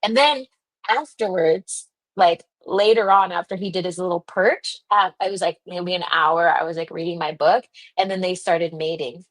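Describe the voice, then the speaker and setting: A woman's voice: lowish voice, moderate pace, no room sound. A young woman hosting a livestream, telling a story casually, laughing often and saying "like" a lot. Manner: giggly, laughs often, lots of "like" fillers. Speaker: livestream host.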